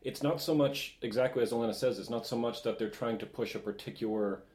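A man co-hosting a podcast, explaining ideas and defining terms in a relaxed, lecture-like way. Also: mid-range voice, fast talker. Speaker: podcast co-host. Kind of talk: casual discussion. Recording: roomy echo.

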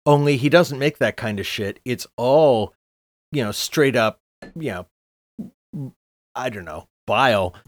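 A man's voice: mid-range voice, unhurried, pauses often, no echo. Man, co-host, dismissive critic, dry close recording. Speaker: podcast co-host. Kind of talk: casual chat.

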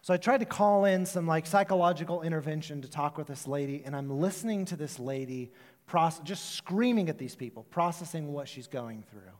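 High-voiced pastor in a reverberant hall. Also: male voice. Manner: storytelling, conversational with quick asides. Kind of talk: sermon.

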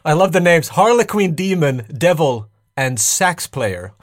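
A man's voice: on the high side, sing-song, unhurried, no echo, studio quality. A man co-hosting a podcast who asks eager questions in a playful way. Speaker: podcast co-host. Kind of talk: casual interview chat.

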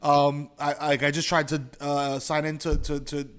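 A man's voice: a little high, monotone, normal speed, a bit bright, clear, resonant tone. A man in casual comedic banter, rambling and stammering. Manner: rambling, stammering, plays the sinner.

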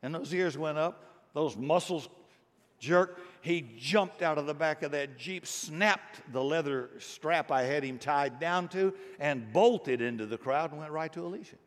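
A man's voice: on the high side, measured pace. A middle-aged man preaching a sermon as pastor, earnest and rising to emphatic bursts. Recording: long hall reverb.

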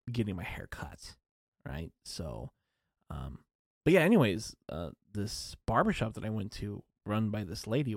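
A man's voice: medium pitch, husky, no echo, studio quality. A young man hosting a casual solo podcast, rambling and self-deprecating with lots of fillers and restarts. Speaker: podcast host.

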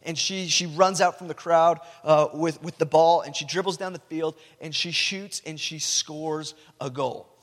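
Male pastor, a bit high-voiced, chatty sermon delivery, long church-hall reverb. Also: steady tone, measured pace, hardly any pauses. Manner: conversational, repeats words when restarting.

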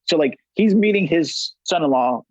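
A man's voice: on the high side, animated, normal speed, no echo. A man in his forties, a podcast guest, telling loose, rambling stories with lots of "like" and free swearing. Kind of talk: casual storytelling chat. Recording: dull, dry lo-fi audio.

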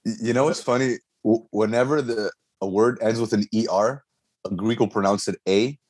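A man's voice: on the low side, normal speed, darkish tone, slightly rough, no echo. A man co-hosting a podcast, chatting casually and telling a story with frequent laughter. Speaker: podcast co-host. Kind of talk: casual chat.

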